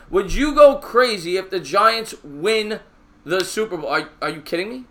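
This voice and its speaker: At a moderate pace, this live-stream host calls a baseball game from a fan's perspective, chatting and replying to viewer comments between pitches. Big plays get him excited, and his voice rises.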